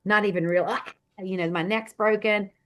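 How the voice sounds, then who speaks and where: A woman guest telling a personal story in an expressive, animated way, swinging between hushed and loud. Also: medium pitch, normal speed. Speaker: guest, author and speaker. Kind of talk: animated storytelling in a podcast interview.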